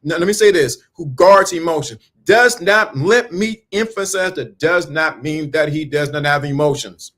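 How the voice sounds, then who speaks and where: A man's voice: a little high, normal speed, few pauses, fairly bright tone. Emphatic preaching-style man. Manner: emphatic, repeats lines, asks the listener questions; casual slang, calls listeners brother. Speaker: speaker on mindset and dating. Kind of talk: preaching-style motivational talk.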